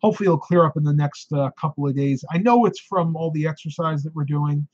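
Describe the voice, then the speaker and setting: A man's voice: fairly high pitch, fast talker, a little mellow, no room sound, dull audio. A man hosting a live stream, chatting casually and answering viewer questions, tired and losing his voice, with frequent ums and laughs.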